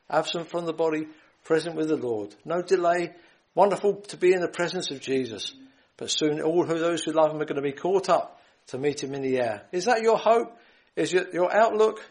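A man preaching a gospel sermon, earnest and pleading, quoting scripture and often repeating phrases and clearing his throat. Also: on the high side, poor audio.

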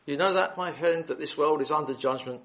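A man's voice: fairly high pitch, a little fast, fairly bright tone. A man preaching the gospel in a hall, reading scripture aloud and then appealing earnestly and directly to his listeners. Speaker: lay preacher.

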